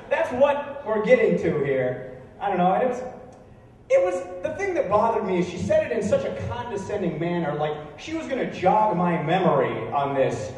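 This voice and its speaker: A young man performing stand-up comedy, telling stories in a deadpan way that jumps into incredulous high outbursts. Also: normal speed, slight background noise. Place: bar venue with a live audience. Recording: echoey room recorded from far off.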